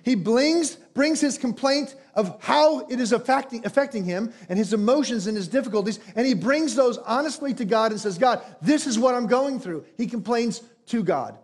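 A man preaching a sermon as pastor, emphatic and animated, posing rhetorical questions and acting out quoted prayers. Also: sits high, normal speed.

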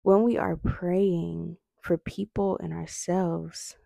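Young woman w/ retainers talking prayer, low and gravelly, kinda mellow, says right a lot. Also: little pitch movement, unhurried, few pauses, dry recording. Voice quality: slight lisp from retainers. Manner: earnest, says "right?" often. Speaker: faith vlogger. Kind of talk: devotional teaching talk.

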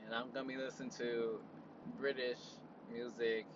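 A man's voice: mid-range voice, flat delivery, normal speed, highs cut off, background noise. A man hosting a casual solo podcast from a parked car, rambling with lots of fillers and frequent laughs. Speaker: podcast host.

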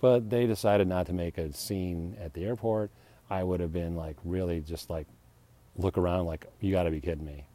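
Deep-voiced man rambling and self-deprecating. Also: fairly even intonation, normal speed, mellow. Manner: acts out heated retorts, laughs often. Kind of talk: rambling personal reflection.

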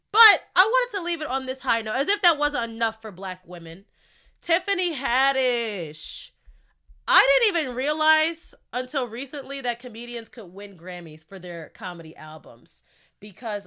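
A woman's voice: medium pitch, sharp tone, smooth. A young woman hosting her own podcast, talking casually and with strong opinions, full of "you know" and "like". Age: young adult. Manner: chatty, opinionated, uses fillers like "you know" and "like". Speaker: podcast host. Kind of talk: casual solo podcast commentary.

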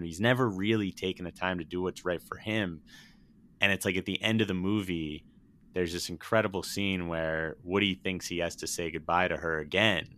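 A young man who co-hosts a podcast talks about films in casual chat, his voice very low yet bright and forceful. He rambles, gets emotional, and swears along the way.

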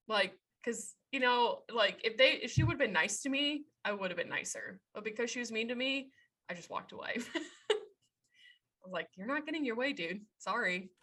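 Woman, 30s, bright voice, animated casual storyteller who swears. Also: medium pitch. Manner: animated, swears freely, laughs while telling. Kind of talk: casual chat.

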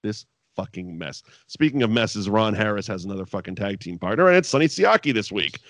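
A man's voice: lively intonation, fairly quick, a bit bright, dry recording. A man co-hosting a podcast, ranting in a profane, exasperated way about wrestling, wired on too much coffee. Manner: exasperated, sweary, ranting with sudden high outbursts. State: over-caffeinated. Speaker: podcast co-host reviewing wrestling. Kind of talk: casual profane rant.

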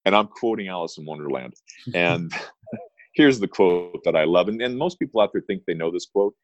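Low and expressive, the voice belongs to a middle-aged attorney speaking at normal speed, recorded dry with the highs cut off. As an interview guest he tells stories, driving them with punchy, emphatic phrases he repeats.

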